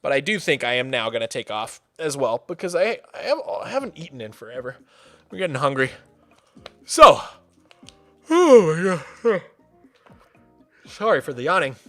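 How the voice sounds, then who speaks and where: A young man chatting casually while hosting a game stream, excitable and playful, greeting viewers by name. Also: fairly high pitch, normal speed, pauses often, faint music behind. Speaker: livestreamer and server host.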